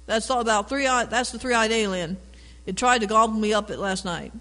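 A man's voice: sits high, normal speed, bright, forceful tone, in a large hall. A man doing a sulky grumpy little boy. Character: grumpy young boy, moody and stubborn.

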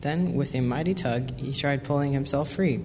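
A man's voice: mid-range voice, normal speed, a little mellow. A man reading a children's story aloud, taking turns with another reader, with brief asides. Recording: echoey hall, faint noise.

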